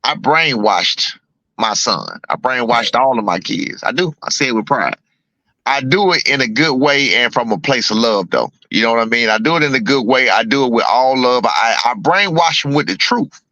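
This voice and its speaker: A middle-aged boxing trainer speaks bluntly in a casual interview, circling back to his points and cursing freely. His voice is forceful and bright. The sound is dry, close and slightly muffled. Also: medium pitch, animated, moderate pace, no echo. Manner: blunt, repetitive, swears freely.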